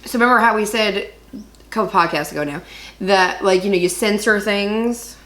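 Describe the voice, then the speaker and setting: A woman co-hosting a podcast, telling a story in a rambling, animated way and laughing as she goes. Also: mid-range voice, normal speed, reverberant. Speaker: podcast co-host. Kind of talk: casual chat.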